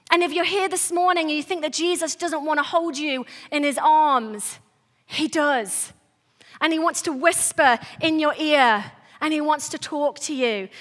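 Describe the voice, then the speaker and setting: Bright, high-voiced woman preaching earnestly. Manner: earnest, emphatic, conversational. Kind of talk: sermon. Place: church service.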